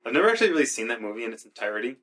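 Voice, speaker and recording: A man's voice: mid-range voice, sing-song, very fast, a bit bright. A man chatting casually with a friend, laid-back, swearing freely and using many fillers. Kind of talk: casual podcast chat.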